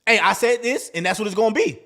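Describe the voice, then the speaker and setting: A man's voice: sits high, quick pace, sharp tone. A man hosting a dating advice talk, in a casual, slangy monologue that acts out quoted lines.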